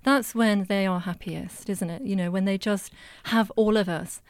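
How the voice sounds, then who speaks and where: A woman, a guest who talks with animals, explaining her views in a calm, earnest way. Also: mid-range voice, moderate pace, smooth, no echo. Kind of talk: casual chat.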